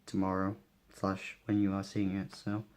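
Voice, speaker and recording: A young man with a cold, sniffly and a bit hoarse, talking tiredly through a casual daily vlog with lots of fillers. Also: low-pitched, completely flat delivery, moderate pace, darkish tone. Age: young adult. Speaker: vlogger.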